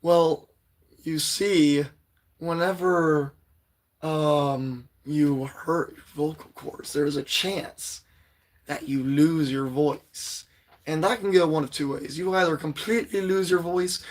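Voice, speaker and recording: A teenage boy with a hoarse, strained voice, chatting loosely with viewers on his livestream and clearing his throat often. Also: fairly high pitch, slow pace. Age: teens. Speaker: livestream poetry host. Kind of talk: casual livestream chat.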